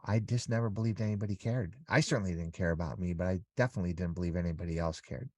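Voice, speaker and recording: A man's voice: deep voice, rapid-fire, hardly any pauses, a little mellow, dry recording. A middle-aged man talking as an interview guest in a casual conversation, earnest and rambling with many restarts.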